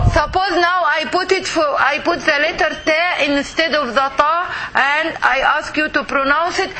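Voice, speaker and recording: Slow, high-voiced woman teaching a class. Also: background noise. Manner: slow, patient, repeats sounds for the class to copy. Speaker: Arabic teacher. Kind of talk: classroom lesson.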